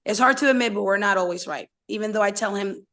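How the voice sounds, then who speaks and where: A woman's voice: medium pitch, fast talker. Woman reading committee testimony as parent. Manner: emotional, steady reading.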